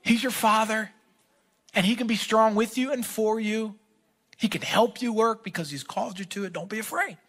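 A man's voice: high voice, moderate pace, a bit bright, husky. Emphatic male pastor preaching like a coach. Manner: emphatic, repeating short commands like a coach. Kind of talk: sermon.

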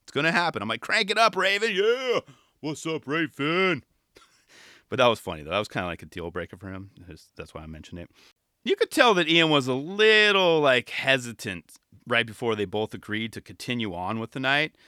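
A young man reviewing a dating show in casual chat, laughing often and leaning on fillers. His voice is bright and swings widely in pitch. The recording is close and dry. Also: quick pace, no echo. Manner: animated, laughing, frequent "you know" fillers. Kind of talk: casual video commentary.

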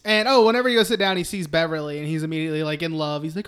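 A young man co-hosting a casual film podcast, recapping scenes, swearing freely and acting out characters in quick voices. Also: on the high side, fairly bright tone, smooth. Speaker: podcast co-host.

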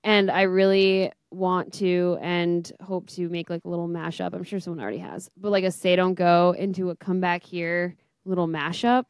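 A woman's voice: lowish voice, flat delivery, normal speed, few pauses, smooth, no echo. A young woman co-hosting a podcast, casual and wry, with offhand teasing remarks. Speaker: podcast co-host. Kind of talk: casual chat.

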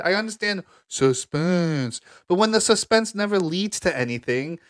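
A man's voice: fairly high pitch, animated, moderate pace, few pauses, fairly bright tone. A man hosting a casual podcast, rambling with lots of fillers and restarts. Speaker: podcast host.

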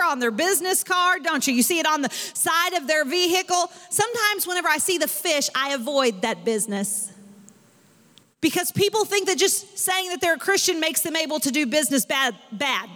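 A woman pastor preaching a sermon in an animated way, rising in emphasis as she makes her points. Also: high-pitched, long reverb tail.

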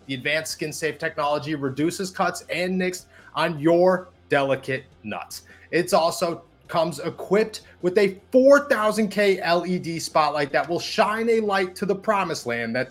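Guy hosting a sports podcast, kinda high voice, upbeat and quick. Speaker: podcast host. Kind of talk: sports podcast chat and read ad.

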